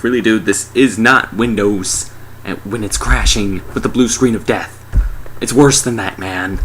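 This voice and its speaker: A man's voice: fairly low pitch, sharp tone, a little hiss or hum. A sarcastic young man giving a casual, mocking movie review.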